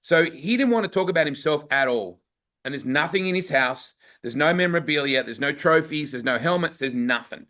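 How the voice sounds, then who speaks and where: Male Australian host, eager storyteller, bright edgy tone. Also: a little high, expressive, a little fast. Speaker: podcast host. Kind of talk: casual podcast chat.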